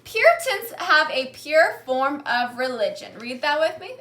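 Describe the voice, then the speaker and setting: Leading a call-and-response lesson, a female teacher uses her high, bright voice in a very animated way. She talks slowly and clearly, pausing so the class can repeat each key word, while the room echoes noticeably.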